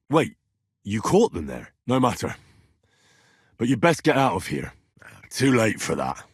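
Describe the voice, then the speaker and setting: A man voicing a young medieval commoner hero, blunt and quick to swear when angered, with a husky voice. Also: medium pitch, no room sound, studio quality. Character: young male medieval blacksmith's son, blunt and hot-tempered. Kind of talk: video game voice lines.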